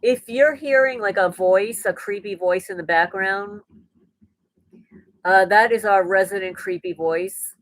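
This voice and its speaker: A woman, hosting a casual livestream from home, reading viewer comments in an animated way and often repeating her words. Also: mid-range voice, measured pace, no room sound, low-quality recording. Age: 60s. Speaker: livestream host. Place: rural home indoors. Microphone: laptop mic.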